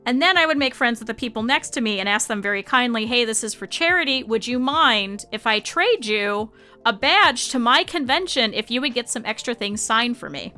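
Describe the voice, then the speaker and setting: A young woman streamer telling a story in a chatty, animated way and laughing often. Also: a little high, normal speed, soft background music. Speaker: VTuber streamer. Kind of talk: casual storytelling to stream chat.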